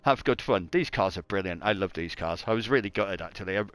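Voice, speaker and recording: A man's voice: deep voice, lively intonation, quick pace, fairly bright tone, clear, resonant tone, dry recording. A man doing live race commentary on a stream, chatty and joking at his own expense. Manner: chatty, joking, self-mocking.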